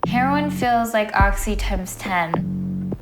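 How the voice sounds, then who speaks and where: A woman's voice: medium pitch, expressive, slow. A woman in her twenties speaking bluntly and frankly in an interview, with casual fillers. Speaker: former reality TV star interviewee. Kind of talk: candid interview recollection. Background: music.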